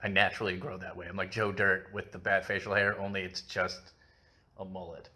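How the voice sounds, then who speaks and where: A man's voice: low voice, flat delivery, fairly quick, pushed and bright. A man hosting a casual live-stream book chat, talking on at length in a rambling, self-mocking way with lots of filler.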